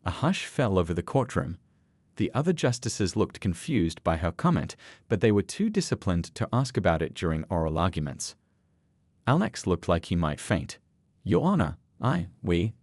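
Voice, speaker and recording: Brief: male narrator for a drama story, low, expressive pitch. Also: moderate pace, no echo.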